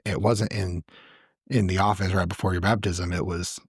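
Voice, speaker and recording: A man's voice: low voice, steady tone, normal speed, slightly rough, no echo, clean studio sound. A man hosting a casual church interview, affirming his guest and explaining doctrine with lots of restarts and repeated words. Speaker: church podcast host, interviewer.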